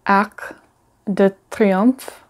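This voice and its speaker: Very slow, hesitant woman learner. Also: medium pitch, steady tone, darkish tone. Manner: hesitant repeating with stumbles. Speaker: learner repeating words.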